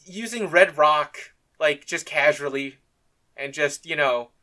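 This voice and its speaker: A man's voice: on the high side, slow pace, bright, forceful tone. A man co-hosting a casual review chat, laid-back, laughing often and swearing freely. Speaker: podcast co-host.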